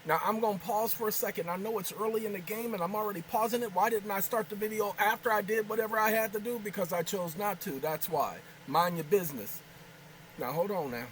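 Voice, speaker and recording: A man's voice: high voice, a little fast, fairly bright tone, slight background noise, rough recording. A man hosting his own video channel, chatting casually at home, rambling and joking while scolding aside. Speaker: channel host. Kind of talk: casual talking-head video chat. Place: home kitchen.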